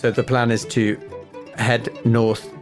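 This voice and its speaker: A man acting as game master, answering players in a measured, thinking-aloud way. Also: mid-range voice, flat delivery, over music. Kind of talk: running a tabletop game.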